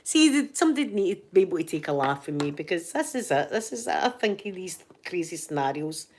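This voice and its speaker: A woman's voice: lowish voice, big pitch swings, fairly quick, darkish tone, slight background noise. A Scottish woman hosting an ASMR channel, chatting casually with live viewers in a giggly, joking, rambling way.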